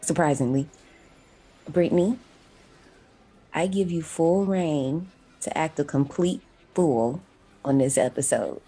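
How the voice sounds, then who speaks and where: Low-voiced upbeat woman podcast host. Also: slow, long pauses, dark tone, slightly rough. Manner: upbeat, teasing, laughs often. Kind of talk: casual podcast chat.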